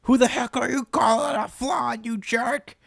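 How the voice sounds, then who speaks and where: A man putting on the voice of a brash, defiant young male hero who yells at the top of his lungs. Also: extremely high pitch, fairly even intonation, unhurried, gravelly, dry recording, clean studio sound, voice pushed up, exaggerated voice. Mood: defiant yelling.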